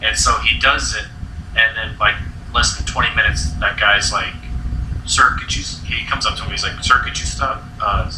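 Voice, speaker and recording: A man's voice: lowish voice, fairly even intonation, normal speed, noisy background. Rambling young man in an echoey room. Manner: rambling storyteller, heavy filler words. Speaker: host. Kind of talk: casual chat. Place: friend's house indoors. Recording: echoey room, mic at a distance.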